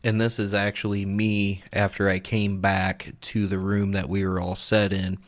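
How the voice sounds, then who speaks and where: A young man hosting a podcast, casually narrating and explaining audio clips, blunt and quick to swear. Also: sits low, completely flat delivery.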